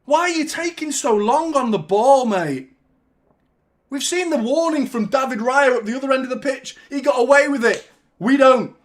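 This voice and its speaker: A man hosting a live fan watchalong, commentating on the match in an excitable, partisan way, swearing and shouting at big moments. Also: very high voice, moderate pace.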